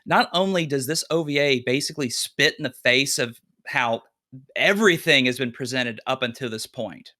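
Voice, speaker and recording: A man co-hosting a fan podcast, recounting episodes in an animated, storytelling way and acting out the characters' lines in quick put-on voices. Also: mid-range voice. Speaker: podcast co-host. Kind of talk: casual fan podcast rant.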